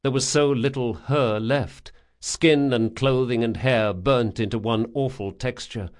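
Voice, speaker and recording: A man reads a fantasy novel aloud in a steady, dramatic narration. His voice sits in an ordinary middle register, with measured pacing through the action. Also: mid-range voice. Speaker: audiobook narrator.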